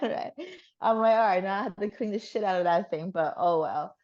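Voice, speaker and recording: A woman's voice: medium pitch, fast, a little mellow, lo-fi sound. A woman telling a funny story in casual chat, swearing freely and laughing as she goes. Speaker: guest.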